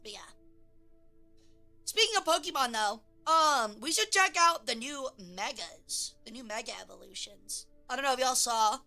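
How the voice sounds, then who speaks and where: A young woman streamer chatting casually, swearing, laughing and breaking into loud silly voices. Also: high-pitched, expressive, moderate pace, soft background music.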